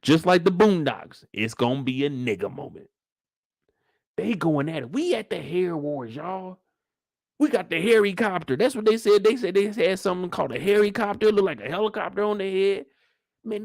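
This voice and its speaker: Animated young man with a gravelly voice. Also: high voice, moderate pace, dry recording, clean studio sound. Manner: animated, slangy, acts out scenes. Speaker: show recap host. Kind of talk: casual TV recap commentary.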